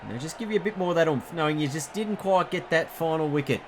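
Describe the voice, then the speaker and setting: A man doing play-by-play commentary on a cricket video game, chatty and excitable, jumping up at big moments and correcting himself as he goes. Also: on the high side, fast talker, slight background noise.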